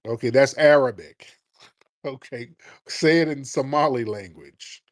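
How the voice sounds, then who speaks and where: A man's voice: medium pitch, a little slow, dry recording, clean studio sound. Combative male call-in radio host. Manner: sharp, argumentative, pressing the caller.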